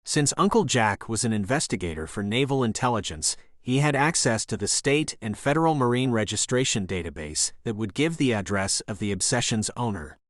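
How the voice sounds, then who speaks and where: A man narrating an action thriller audiobook in a steady, even reading voice. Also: medium pitch, dry recording, clean studio sound. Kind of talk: scripted narration.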